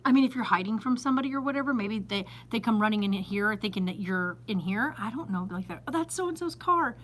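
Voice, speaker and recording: In her small store, a woman talks casually to a handheld phone, chatty, exasperated, emphatic, and often laughing. She's a fast talker with a medium-pitched voice and fairly even intonation, and the recording quality is low.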